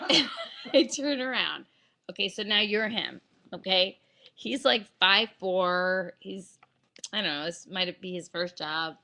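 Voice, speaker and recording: Animated laughing woman telling a story. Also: medium pitch, slow pace, gravelly. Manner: animated, keeps laughing through her story. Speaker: vlogger. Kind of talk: casual storytelling to camera.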